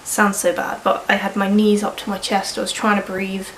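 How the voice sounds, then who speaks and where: In her candid personal vlog, a woman in her early twenties speaks at a moderate pace in a monotone, medium-pitched, slightly bright voice, sniffly from a cold. She rambles frankly and swears casually, captured on a rough recording with an echoey room and a little hiss or hum.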